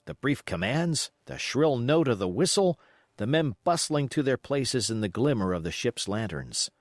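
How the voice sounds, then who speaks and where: A man reading a classic adventure novel aloud as an expressive audiobook narration. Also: medium pitch, moderate pace, dry recording, clean studio sound.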